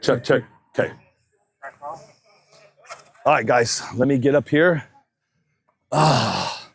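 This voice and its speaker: A man's voice: mid-range voice, slow pace, gravelly, slightly rough. A man announcing races on a live stream from an outdoor track, joking and chatty, wearing a body mic, a bit out of breath. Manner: joking, chatty, loud calls to the crowd. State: slightly out of breath. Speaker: race announcer. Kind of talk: casual live-stream commentary. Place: outdoor drag racing track. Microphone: wireless mic worn on body.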